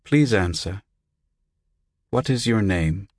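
Unseen clinical voice, toneless and measured, slow and dry, read by a male narrator. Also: on the low side, dry recording. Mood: flat. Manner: flat, without intonation. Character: flat, toneless recorded voice of an unseen doctor. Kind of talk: audiobook character voice.

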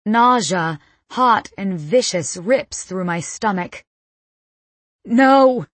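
A woman's voice: medium pitch, lively intonation, slow pace, a bit bright, husky, dry recording. A woman narrating a first-person audiobook with tense, dramatic storytelling.

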